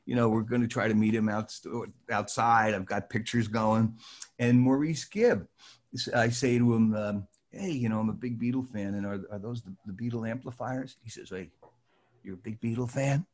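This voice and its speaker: An older man telling animated stories to a small live audience, acting out the people he quotes. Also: normal speed. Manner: animated, acts out quoted voices with rising pitch. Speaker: storyteller addressing a live audience. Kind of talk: casual anecdotal storytelling.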